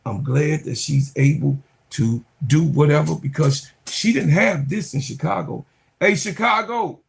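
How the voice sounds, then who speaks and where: Male sports vlogger, fairly high pitch and husky voice, slangy and hyped, repeats lines for emphasis. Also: measured pace. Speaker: sports channel host. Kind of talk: casual sports commentary.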